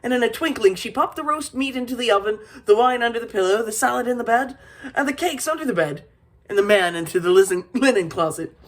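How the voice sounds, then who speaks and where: A woman reading an old fairy tale aloud as a storyteller, lively, with small slips and restarts. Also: on the high side, fast.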